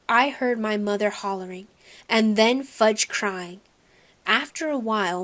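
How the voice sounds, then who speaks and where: A woman's voice: medium pitch, unhurried, fairly bright tone. Woman reading a children's audiobook. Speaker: audiobook reader.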